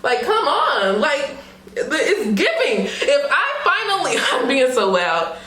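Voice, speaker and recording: A young woman unboxing a wig for her vlog, excited and laughing, talking casually with lots of slang and fillers. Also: sits high, takes it slowly. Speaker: beauty vlogger. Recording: roomy echo.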